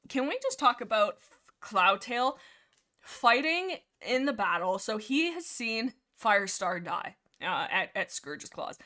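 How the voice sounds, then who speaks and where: A young woman hosting a livestream, chatting excitably about books with lots of fillers and restarts. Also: medium pitch. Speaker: livestream host. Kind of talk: casual rambling book discussion.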